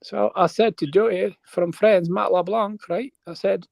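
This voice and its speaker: Rambling high-voiced man. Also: steady tone, measured pace, gravelly, no room sound. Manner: rambling, keeps checking in with "right?". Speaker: panelist telling a story. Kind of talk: casual storytelling on a live panel.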